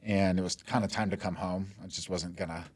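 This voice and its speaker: A man's voice: low-pitched, steady tone, brisk, slightly rough, dry recording. A man in his forties from Denver, a mortgage lender guest telling stories in a rambling, casual way full of "like" and "you know". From Denver, USA. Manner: rambling, lots of "like" and "you know", laughs easily. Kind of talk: casual storytelling interview.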